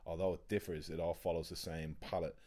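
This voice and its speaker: A man's voice: deep voice, level tone, fairly quick, dark tone. A young Irish man with a Dublin accent, an actor, chatting casually and rambling with many restarts. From Ireland. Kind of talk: casual chat.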